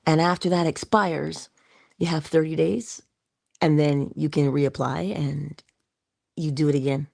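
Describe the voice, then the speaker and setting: Unhurried and playful, a livestream host with a husky, gravelly low voice talks through a relaxed motivational stream. She whispers breathy asides and breaks into lively voices when quoting others. The audio sounds close and dry.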